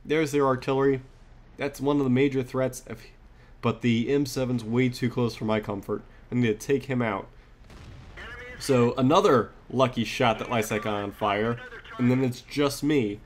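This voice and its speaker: A man talks casually over footage of his own game, rambling and full of fillers. He gets worked up and excited as he goes. His pitch sits in the ordinary middle range for a man. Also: normal speed, slight background noise. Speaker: gaming commentator. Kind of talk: casual gameplay commentary.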